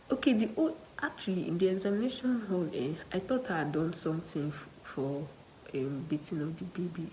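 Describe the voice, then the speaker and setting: A young Nigerian woman, a student nurse, telling a story to her viewers in a casual, animated way, with local slang in her speech. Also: on the low side, fairly quick, slight background noise, poor audio.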